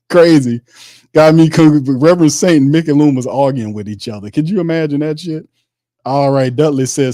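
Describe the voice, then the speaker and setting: A man's voice: medium pitch, sing-song, normal speed, mellow, dry recording, studio quality. A man hosting a live sports stream, casually reading viewer comments aloud and breaking down draft picks in slangy chat. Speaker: host.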